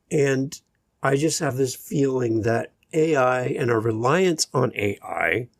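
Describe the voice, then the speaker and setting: A man hosting his own podcast, talking alone in a slow, deliberate way with long pauses between phrases. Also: mid-range voice, gravelly, a little mellow, dry recording, studio quality. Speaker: podcast host and editor. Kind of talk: solo podcast monologue.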